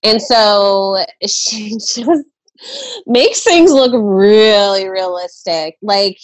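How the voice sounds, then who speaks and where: A woman's voice: medium pitch, drawn-out words, no echo. Chatty, crude young mother laughing. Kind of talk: casual chat.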